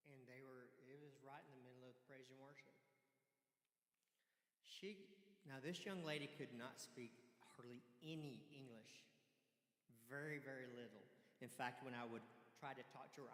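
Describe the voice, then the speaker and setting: A man preaching a sermon in a church, earnest and pleading, with sudden loud emphasis. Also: medium pitch. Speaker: pastor. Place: church sanctuary. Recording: echoey church hall.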